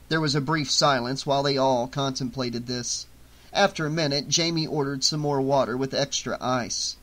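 A man narrating an audiobook in a steady, clear reading voice. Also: mid-range voice, normal speed.

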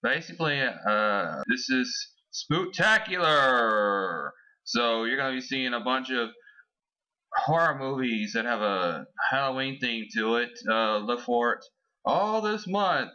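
A man doing a drawn-out hammy host voice. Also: medium pitch, lively intonation, pushed and bright, dull audio, pitched above the performer's own voice. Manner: drawn-out, theatrical greeting.

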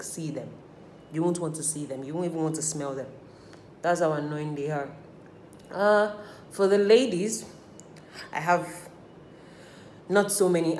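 A woman's voice: low voice, darkish tone. A woman telling stories in casual chat while doing her makeup, candid and full of swearing and acted-out quotes. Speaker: beauty vlogger. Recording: echoey room, faint hiss.

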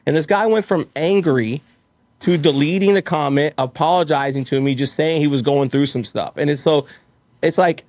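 A man on a casual podcast, telling animated stories and acting out little exchanges in quoted voices. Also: fairly high pitch, normal speed, no room sound. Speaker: guest, roofing company owner.

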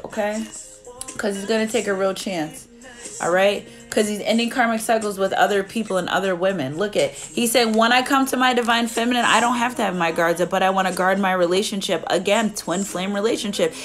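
A young woman giving a casual live tarot reading, chatty and blunt, swearing freely as she talks to her viewers. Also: mid-range voice. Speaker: tarot reader.

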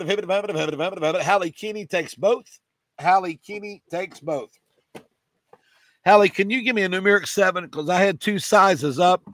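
A man running a live auction, calling prices in a rapid chant with repeated numbers and coughing now and then. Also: high voice, a bit bright, dry recording. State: coughing, choked up. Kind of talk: live online auction selling.

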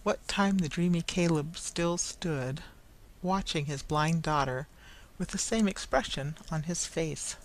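Measured storybook narrator. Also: mid-range voice, a little hiss or hum, low-quality recording. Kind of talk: scripted story narration for English learners.

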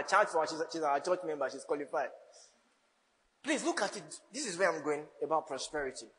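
A man's voice: a little high, a bit bright, long reverb tail, rough recording. A man preaching a sermon as a pastor, teasing his congregation and laughing often. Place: church hall.

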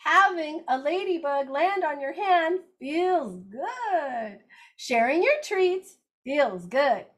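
Reading aloud to small children at circle time, this older teacher is gentle yet animated and expressive. She takes her time, reading slowly and deliberately, while her high, lively voice swings through a broad melodic range.

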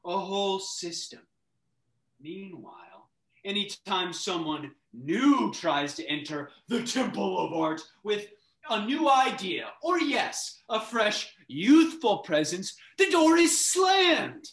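Young man voicing a bitter young playwright son, lively pitch swings, slow delivery, echoey video-call room. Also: full character voice. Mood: scornful. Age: young adult. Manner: swings from hushed grief to sneering outbursts. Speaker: student actor. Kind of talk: stage drama over video call.

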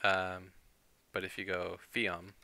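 A man streaming a game and chatting casually with his viewers, thinking aloud and clearing his throat often. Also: sits low, completely flat delivery, takes it slowly, pushed and bright.

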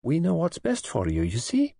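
A placid young nurse, put on by a male audiobook reader, gently reproving and soothing, her voice lifted well above his own. She speaks with husky softness in a dry, close recording. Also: a little high, huge pitch swings, normal speed, dry recording, voice pushed up, full character voice. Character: young red-haired female nurse, kindly, placid, indulgent.

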